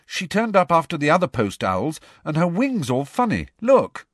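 A man's voice: on the high side, wildly swooping pitch, normal speed, dry recording, clean studio sound, voice pushed up. A man voicing an anxious, earnest teenage schoolboy in a storybook reading. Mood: urgent. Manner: urgent, earnest.

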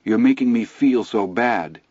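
A man's voice: mid-range voice, unhurried, darkish tone, husky, dry recording, highs cut off. A man reading as a blustering middle-aged father. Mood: gruff hurt.

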